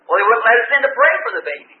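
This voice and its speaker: A man with a high voice preaches fervently to a congregation. His folksy storytelling rings through an echoey hall. The old recording sounds thin and tinny, with a faint hiss underneath. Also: sing-song, very fast. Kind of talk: sermon. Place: church or meeting hall with an audience.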